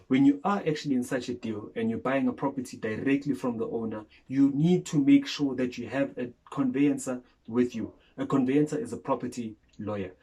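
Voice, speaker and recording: A man's voice: mid-range voice, fairly quick, few pauses, dark tone, husky, poor audio. A man from South Africa co-hosting a casual chat, explaining property transfers point by point and leaning on "actually" and "so now.". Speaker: co-host.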